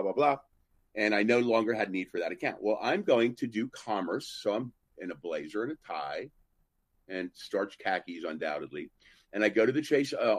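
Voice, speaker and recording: A man's voice: fairly low pitch, no echo. A man hosting a live podcast and telling rambling stories, acting out the other people's lines as he goes. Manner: rambling anecdotes with acted-out quotes and asides. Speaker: podcast host. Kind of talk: casual storytelling on a live podcast.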